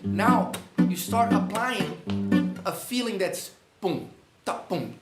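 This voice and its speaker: A man's voice: sits high, takes it slowly, creaky, reverberant. A man with a Brazilian accent teaching a live online guitar masterclass, explaining rhythm and singing syllables to demonstrate. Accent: Brazilian Portuguese.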